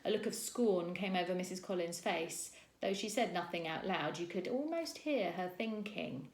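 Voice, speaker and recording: A woman teacher reading a children's chapter book aloud, expressive and acting out the characters. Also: lowish voice, normal speed, few pauses. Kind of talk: storybook read-aloud. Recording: echoey room.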